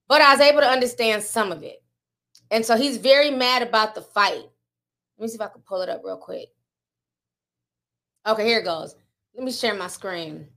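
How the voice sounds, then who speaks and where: A woman's voice: medium pitch, a bit bright. A woman vlogger giving casual gossip commentary, chatty and slangy, often breaking into laughter.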